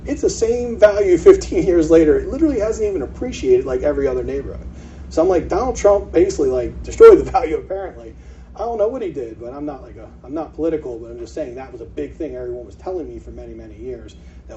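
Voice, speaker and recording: Fast-talking man presenting at a meetup. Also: fairly high pitch. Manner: animated, acts out quoted sellers. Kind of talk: casual seminar talk. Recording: distant mic, dull lo-fi sound, faint hiss.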